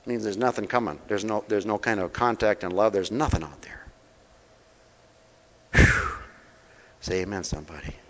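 A man's voice: on the low side, moderate pace, pauses often, fairly bright tone. A man preaching a folksy sermon in a mission hall, coaxing listeners with questions and calling them honey. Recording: dull reverberant hall recording.

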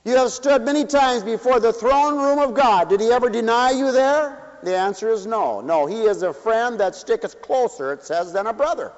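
A man preaching a sermon, swinging from loud declarations to hushed asides. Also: extremely high pitch. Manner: rapid asides to the audience. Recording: dull echoey hall recording.

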